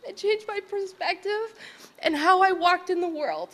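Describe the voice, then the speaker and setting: A woman's voice: very high voice, unhurried, a bit bright. A woman from Vermont and an educator, telling a personal story on stage with emotion, laughing often and checking in with the audience. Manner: emotional, laughs often, keeps asking "right?". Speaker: conference speaker, educator. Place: large conference hall. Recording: reverberant conference hall.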